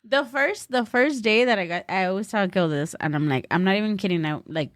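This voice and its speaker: A woman with a mid-range voice shares candid, profane stories in relaxed podcast chat. Her voice sounds dry and close. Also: medium pitch, brisk, no room sound.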